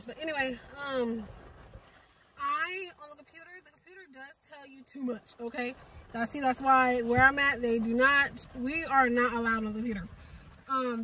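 A woman's voice: a little high, fairly bright tone, breathy edge, far from the mic, rough recording. A woman vlogger telling a story in a casual, emotional way, repeating herself and restarting often. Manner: emotional, repetitive retelling with many restarts.

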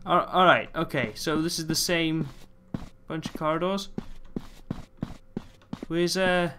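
A man narrating his own horror playthrough with a bright, slightly high voice. He jokes and curses throughout and talks back at the game characters. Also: takes it slowly, long pauses, a little hiss or hum. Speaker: let's play host.

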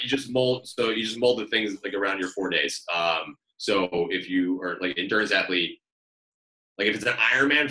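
A man in his thirties, a fitness trainer chatting casually on a team video call, talking fast with lots of fillers and casual swearing. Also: fairly low pitch, sharp tone, echoey room, low-quality recording. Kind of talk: casual chat.

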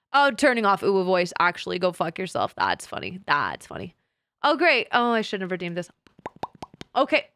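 A woman's voice: mid-range voice, fairly bright tone, no room sound, clean studio sound. A woman streamer chatting casually with her live chat, crude and teasing, laughing often.

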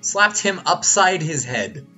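Animated joking man streaming a game. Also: a little high, slow. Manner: jokey, crude, animated reactions. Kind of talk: live gameplay commentary. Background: game music.

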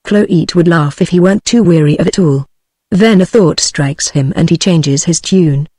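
A woman's text-to-speech voice with a British English accent, reading a classic story aloud in an even, unhurried way. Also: on the low side, breathy edge, no room sound. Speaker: audiobook narrator.

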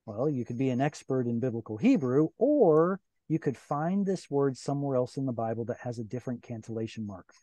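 Guy teaching hebrew on a video call, mellow dark voice, dry sound, patient and asks questions. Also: mid-range voice, big pitch swings, brisk, few pauses, no echo. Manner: patient, explains step by step with questions. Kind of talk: online Bible Hebrew class.

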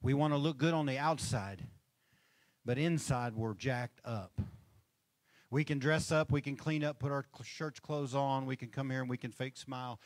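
A man's voice: medium pitch, steady tone, a little fast, hardly any pauses, no echo. A male pastor preaching a conversational sermon from a church stage, checking in with the congregation for amens and chuckling between points. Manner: conversational, asks the crowd for amens.

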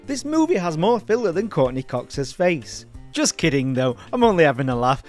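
A man's voice: on the high side, sing-song, moderate pace, faint music behind. A man hosting a comedic film review, sardonic, mocking and sweary.

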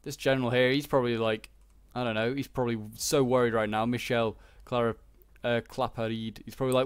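A man's voice: medium pitch, steady tone, quick pace, clear, resonant tone, dry recording, clean studio sound. A man casually commenting on a strategy game battle, rambling with lots of fillers. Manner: chatty and rambling, many fillers like "like" and "uh". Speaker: gameplay commentator.

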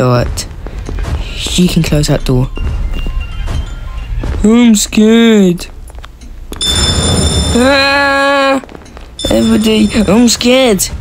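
A woman giving excitable, casual commentary while playing a horror game, yelping, laughing and talking to her teammates. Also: on the low side. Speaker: gaming video creator.

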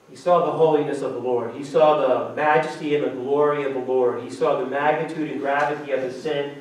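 A man preaching a sermon as pastor, lively and acting out quotes with sudden jumps in pitch. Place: church sanctuary. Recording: echoey church hall, mic from a distance.

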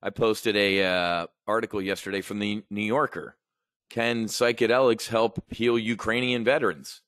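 In a clean studio recording with no room sound, a man hosts an options trading show, riffing on the news in a blunt, rambling, profane way. His voice is lowish and steady, a bit bright, at a moderate pace. It's casual market and news commentary.

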